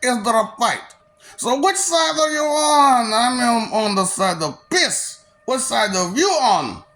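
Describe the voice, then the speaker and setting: Woman, mocking and preachy monologue, lively swooping pitch, sharp bright tone. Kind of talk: confrontational monologue.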